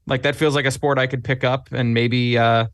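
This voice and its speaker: A man's voice: medium pitch, flat delivery, normal speed, dry recording, studio quality. A man talking as a guest on a podcast in casual chat, animatedly telling stories and acting out his own quotes. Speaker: podcast guest, club staffer.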